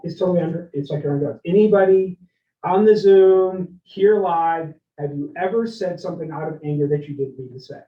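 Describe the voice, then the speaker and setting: A middle-aged man giving a lively live leadership workshop talk, telling stories and checking in with the audience. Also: a little high, a little fast. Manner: energetic, storytelling, keeps asking the audience "right?". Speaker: keynote speaker. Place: event room with live and online audience. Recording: roomy, distant, dull lo-fi sound.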